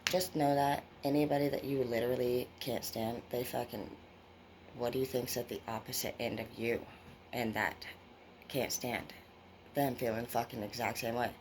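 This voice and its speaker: A woman's voice: extremely low pitch, fairly even intonation, normal speed, a little mellow, a little hiss or hum. A woman with grown children giving a casual tarot reading to her viewers, rambling, blunt and full of swearing. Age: adult with children. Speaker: tarot reader.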